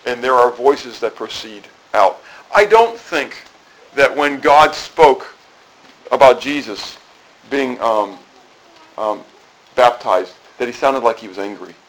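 A middle-aged male pastor preaching in a relaxed, conversational way. He keeps asking the congregation questions and circles back over his own phrases with restarts, and his voice sits at a middling pitch for a man. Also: takes it slowly, rough recording. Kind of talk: sermon.

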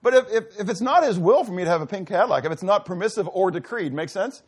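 A man with a slightly high voice preaches a sermon in a relaxed, conversational manner. He keeps asking his listeners questions and acts out small bits of dialogue. His voice often sinks low and soft in those moments. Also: fast talker, husky. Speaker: pastor.

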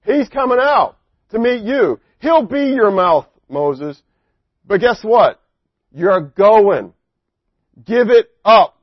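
A man's voice: high-pitched, expressive, slow pace, long pauses, dry recording, pitched above the performer's own voice, full character voice. A man voicing God as a firm, insistent figure who reassures a reluctant prophet. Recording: dry, dull lo-fi recording.

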